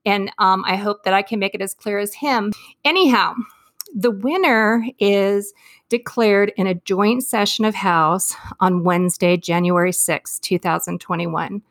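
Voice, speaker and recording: A woman's voice: mid-range voice, steady tone, no room sound, clean studio sound. A woman co-hosting a podcast, talking in a casual commentary style that wanders off on tangents. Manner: talks fast with tangents and laughs. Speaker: podcast co-host.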